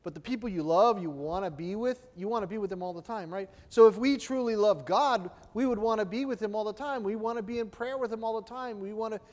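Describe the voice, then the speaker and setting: A man with a high voice preaches in an easy, conversational way and keeps asking his listeners "right?". His voice carries a long reverb, as if he is speaking in a large hall. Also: quick pace, few pauses, darkish tone. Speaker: pastor. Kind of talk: sermon.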